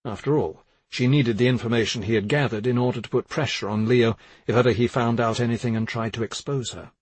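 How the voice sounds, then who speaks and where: A man narrating a thriller in a measured, subdued reading. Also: medium pitch, fairly even intonation, breathy edge, no room sound. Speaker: audiobook narrator.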